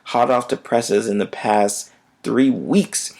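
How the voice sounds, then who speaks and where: A man's voice: mid-range voice, steady tone, takes it slowly, vocal fry, a little mellow. A man who is a physician, hosting a health podcast in a casual, conversational way and often checking in with "right?".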